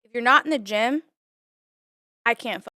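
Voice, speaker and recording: Young woman guest, earnest and chatty, smooth high voice, dry close mic. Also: normal speed, sharp tone, dry recording. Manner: earnest, talkative, frequent "like". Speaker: podcast guest. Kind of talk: casual chat.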